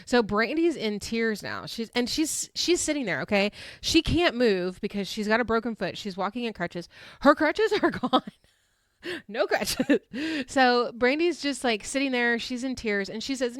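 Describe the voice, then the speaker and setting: Speaking at a normal speed in a slightly high voice, a young woman runs a casual reality-show recap podcast, laughing often and voicing the quotes dramatically. It's a dry, studio-quality recording.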